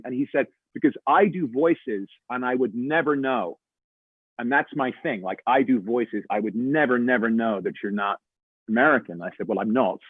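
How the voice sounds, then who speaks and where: A middle-aged English man with an English accent tells a story in a chatty, animated way, calling people mate and man. His voice has a slightly husky edge. It comes through dry and tinny, like a phone or remote call. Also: fairly low pitch, fairly quick, no echo. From England. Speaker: voice actor guest. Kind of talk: casual panel chat.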